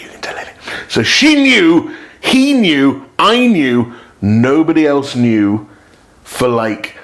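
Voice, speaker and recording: Animated man telling a story. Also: mid-range voice. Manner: animated, acts out voices of people in his story. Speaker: podcast guest. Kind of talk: casual storytelling chat.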